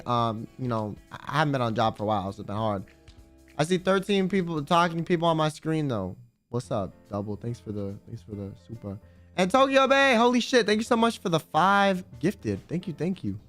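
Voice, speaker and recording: A man's voice: a little high, a bit bright. A man streaming live, chatting casually with his viewers in a rambling, crude, joking way. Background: faint background music.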